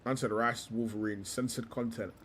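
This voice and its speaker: A man's voice: on the low side, fairly even intonation, moderate pace, background noise. A young man, hosting a livestream in a profane, slang-heavy rant. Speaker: livestream host.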